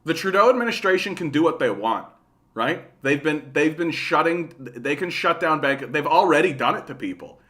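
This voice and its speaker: A man's voice: on the high side, expressive, normal speed, bright, forceful tone. A Canadian man hosting a livestream, ranting casually and profanely, with constant "like" and "right?". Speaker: livestream host. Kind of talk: casual political rant.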